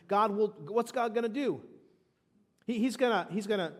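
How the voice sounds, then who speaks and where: A man's voice: high-pitched, normal speed. A man in his thirties preaching a sermon as pastor, emphatic, with frequent restarts. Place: church sanctuary. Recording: long hall reverb.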